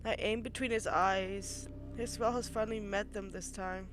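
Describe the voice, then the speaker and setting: A woman streamer reading a visual novel aloud and reacting expressively, breaking into loud outbursts. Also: mid-range voice, fairly even intonation, moderate pace, hardly any pauses, a little hiss or hum.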